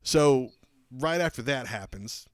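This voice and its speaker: A man co-hosting a podcast, telling a long casual story with lots of fillers and lively retellings. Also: mid-range voice, slow pace, no room sound, clean studio sound. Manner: animated, rambling anecdote with many fillers. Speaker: podcast co-host.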